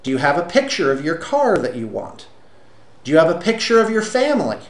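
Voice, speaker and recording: A man's voice: fairly high pitch, big pitch swings, a little fast. A man in an interview giving emphatic, lecturing motivational advice with rhetorical questions. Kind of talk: motivational monologue. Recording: roomy echo.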